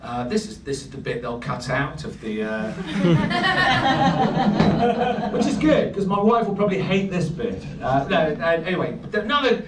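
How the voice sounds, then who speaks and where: A man's voice: high voice, big pitch swings, unhurried. A man in his thirties doing a rambling, self-deprecating stand-up set with lots of asides. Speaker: stand-up comedian. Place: comedy night in a bar, live audience laughing. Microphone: handheld stage mic, recorded from a distance. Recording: roomy, distant, noisy bar recording.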